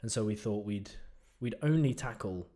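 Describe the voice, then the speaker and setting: A man's voice: on the low side, normal speed, warm tone. A man co-hosting a podcast in casual conversation, jokey and self-mocking, laughing often. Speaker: podcast co-host. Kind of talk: casual chat.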